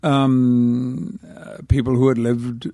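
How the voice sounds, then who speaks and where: Older guy from northern england, gravelly voice, rambling through old stories on a podcast, dry close mic. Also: mid-range voice, level tone, slow, mellow, no room sound. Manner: rambling anecdotes with hesitations. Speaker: podcast guest. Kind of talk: casual interview storytelling.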